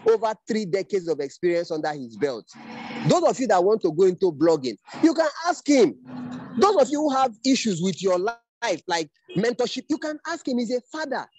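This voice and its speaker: A middle-aged man speaks to his class over a video call, earnest and fatherly as he lectures. His voice sits a little high for a man. The sound is dry and close, with no room around it. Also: big pitch swings, moderate pace, darkish tone, no echo. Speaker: training instructor. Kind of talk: online class talk.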